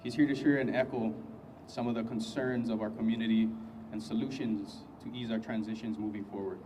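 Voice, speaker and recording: A man's voice: fairly low pitch, fairly even intonation, a little fast, far from the mic, background noise. A man introducing speakers formally as the emcee of a press conference. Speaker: event emcee.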